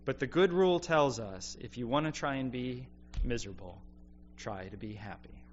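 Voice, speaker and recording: A preacher delivers a sermon at a moderate pace, earnest and reflective, dropping his voice low and quiet on key points. The lo-fi recording sounds a bit dull, with a faint hum beneath it.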